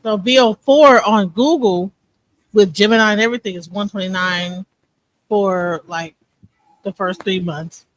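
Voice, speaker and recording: A woman's voice: mid-range voice, measured pace, no echo, poor audio. A woman in a casual podcast chat, asking many questions. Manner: inquisitive, asks many questions.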